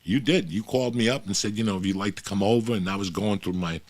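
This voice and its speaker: A middle-aged man from Cuba hosting a podcast, telling stories in a loud, profane, animated way and acting out his relatives' voices. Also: fairly low pitch, quick pace, no echo. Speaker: podcast host. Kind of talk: casual storytelling chat.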